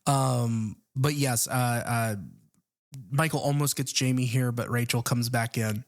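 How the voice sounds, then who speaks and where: A man co-hosting a casual film podcast, recapping the plot in an even way with frequent ums and uhs. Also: mid-range voice, a little slow. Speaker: podcast co-host.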